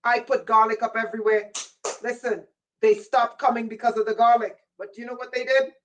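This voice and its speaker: A woman's voice: on the high side, little pitch movement, a little fast, recorded from a distance, poor audio. A woman hosting a livestream, delivering a rambling, intense monologue in a warning tone and answering viewers' chat comments by name. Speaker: livestream host.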